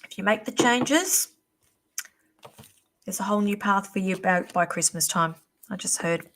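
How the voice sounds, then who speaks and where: A woman hosting a live-stream psychic reading, chatty and reassuring, calling viewers darling, her voice going a little hoarse. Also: medium pitch, moderate pace, a bit bright. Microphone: computer or phone mic on a live stream.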